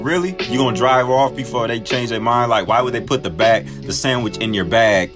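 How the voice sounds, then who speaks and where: A man's voice: medium pitch, brisk, hardly any pauses, music in the background. A man hosting a podcast, ranting for comedy in slangy talk with exaggerated mock outrage. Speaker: podcast host. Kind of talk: comedic solo rant.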